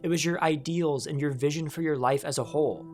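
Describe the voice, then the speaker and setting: A narrator reading a calm, reflective, scripted voice-over in a conversational way as a video essayist. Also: mid-range voice, fairly quick, soft background music.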